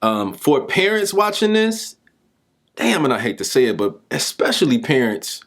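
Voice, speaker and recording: A young adult man giving a motivational talk, telling a story in an animated, informal way. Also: moderate pace. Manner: animated, informal, pitch jumps with emphasis. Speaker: speaker and mentor.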